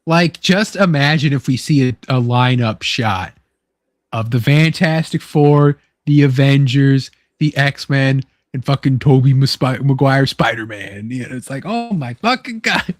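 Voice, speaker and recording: A young man hosting a casual chat, excitable and swearing freely, acting out quotes as he talks. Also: mid-range voice, a little slow, dry recording, clean studio sound. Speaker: podcast host.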